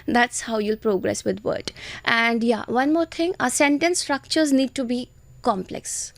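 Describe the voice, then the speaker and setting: A woman's voice: a little high, fairly even intonation, measured pace, gravelly, dry recording. A woman with an Indian English accent, an IELTS trainer giving earnest, instructive answers in a podcast interview and speaking straight to students.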